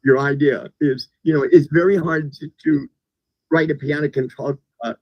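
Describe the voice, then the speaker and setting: A man from the United States, a guest in a casual conversation, who talks haltingly and repeats words as he starts his sentences. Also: on the high side, steady tone, no echo. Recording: dull lo-fi recording.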